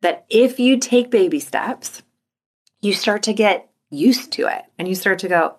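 A woman hosting a motivation podcast as a coach. She talks in an upbeat way and acts out inner thoughts in a lively voice. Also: mid-range voice, unhurried.

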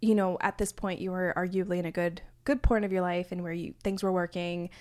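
A woman co-hosting a podcast, leading the questions in a relaxed, conversational way. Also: on the low side, fairly quick. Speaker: podcast co-host. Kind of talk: casual chat.

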